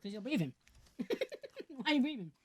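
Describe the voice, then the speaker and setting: A man's voice: very high voice, very animated, moderate pace, slightly rough. A man co-hosting a podcast, bantering casually and talking with his mouth full. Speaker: podcast co-host. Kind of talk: casual banter during an eating challenge.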